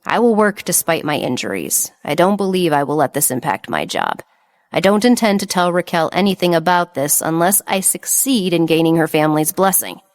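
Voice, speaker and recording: A woman reading the part of a calm, devoted young man who speaks in a subdued way. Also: on the low side, brisk, no room sound. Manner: quiet, subdued.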